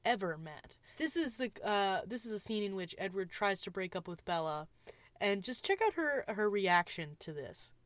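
A woman's voice: medium pitch, animated, moderate pace, no echo. Giggly woman podcast co-host. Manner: giggly, playful. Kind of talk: casual movie review chat.

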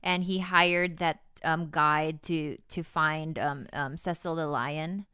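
Female podcast co-host, smooth and a bit low, blunt and halting, dry mic. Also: fairly even intonation, pushed and bright, no room sound. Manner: blunt, hesitant with many ums while telling a story. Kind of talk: casual chat.

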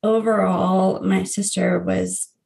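A woman in her thirties, a grief coach, earnestly telling her personal story in an interview, with soft laughs. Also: mid-range voice, little pitch movement, slow, creaky.

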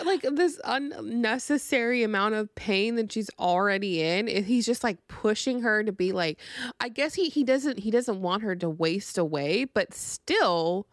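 A woman co-hosting a book podcast, talking in a relaxed, conversational way and pushing back easily. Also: mid-range voice, unhurried, no room sound, clean studio sound. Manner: relaxed, conversational, easygoing disagreement. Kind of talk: casual book discussion.

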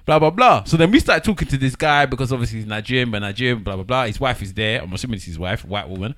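A man telling an animated story in casual chat, pitching his voice up to act out the people in it. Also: very fast, no echo, studio quality. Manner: animated storyteller, voice jumps up when acting out others.

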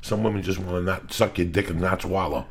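A man with a very low, gravelly voice hosts a loose podcast chat. He swears freely and acts out the people in his stories. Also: brisk. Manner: profane storyteller, acts out quotes. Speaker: podcast host. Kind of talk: casual chat. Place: Los Angeles area.

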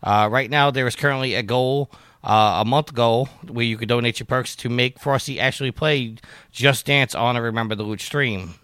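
A man hosting a gaming podcast, reading housekeeping announcements in a brisk, upbeat way. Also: mid-range voice, fairly bright tone, smooth, no echo. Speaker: podcast host. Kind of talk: casual podcast chat and show announcements.

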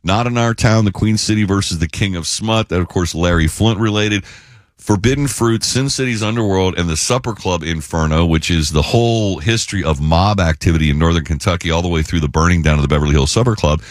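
A man's voice: sits low, brisk, dry recording. A man hosting a radio talk show in a studio, talking with enthusiasm and a rambling flow. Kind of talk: radio interview.

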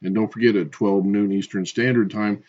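Brisk, husky, low-voiced male announcer. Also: fairly even intonation, darkish tone. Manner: brisk, listing web addresses. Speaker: radio announcer. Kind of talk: station announcement. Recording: dull lo-fi broadcast audio.

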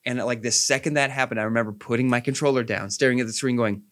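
A man co-hosting a casual podcast chat, animated and quick to act out lines in put-on voices. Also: medium pitch. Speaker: podcast co-host.

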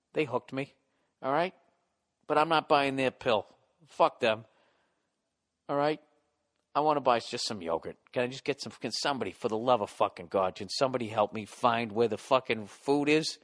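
A middle-aged man with a Boston accent hosting his own podcast. He rants in a profane, comic style and yells at times. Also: medium pitch. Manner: profane, ranting, yelling at times. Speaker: podcast host. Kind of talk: solo comedic podcast rant.

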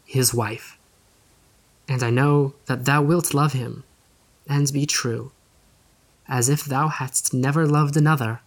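A man's voice: mid-range voice, fairly even intonation, takes it slowly, pauses often. A frail, agitated old father, voiced by a man reading aloud. He talks with urgent, fatherly persuasion in archaic speech. It is an audiobook reading, kept close to the reader's own voice.

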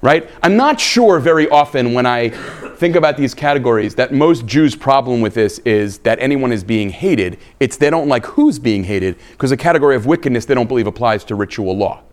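Animated male rabbi lecturing. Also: medium pitch, brisk. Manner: animated, emphatic, peppers points with "right?" and "okay?". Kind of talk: live lecture to an audience.

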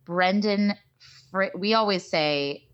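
A woman co-hosting a podcast in casual, animated, jokey chat. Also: medium pitch, slow pace. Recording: dull lo-fi sound.

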